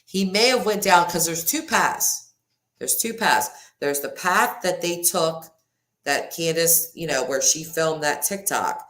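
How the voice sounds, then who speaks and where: A woman's voice: lowish voice, measured pace, fairly bright tone. A woman hosting a casual livestream who rambles and breaks off mid-sentence, laughs often and reads viewer comments aloud. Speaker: livestream host. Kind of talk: casual live chat with viewers.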